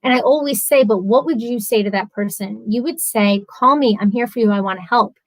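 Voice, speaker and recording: A woman's voice: fairly high pitch, fairly quick, no echo, rough recording. A woman hosting a live stream from home, chatty and earnest, talking casually and openly at length. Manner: chatty and earnest, talks a lot.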